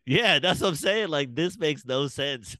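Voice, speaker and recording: A man's voice: a little high, unhurried, no room sound. A man, rambling and laughing in a casual podcast chat. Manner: rambling, animated, laughs often. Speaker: podcast host.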